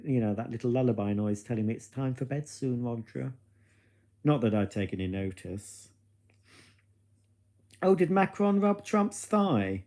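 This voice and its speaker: A man with a warm, mid-range voice runs a relaxed home livestream, reading comments from viewers. His chat with the live audience is camp, cheeky, and gossipy, full of innuendo, as he muses aloud.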